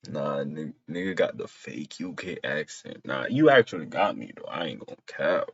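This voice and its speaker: A man's voice: rumbling low, very animated, moderate pace, creaky, fairly bright tone, husky. A young man streaming casual video chats with strangers, bantering in slang and laughing often. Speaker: streamer chatting with strangers on a video chat app. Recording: dull lo-fi audio with faint noise.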